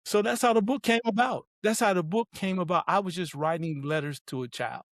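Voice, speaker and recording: A middle-aged man, a guest author, telling family stories in an animated way, acting out quotes and laughing often. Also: high-pitched, a little fast, hardly any pauses, no echo, studio quality. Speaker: guest, author and parenting advocate. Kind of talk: casual interview storytelling.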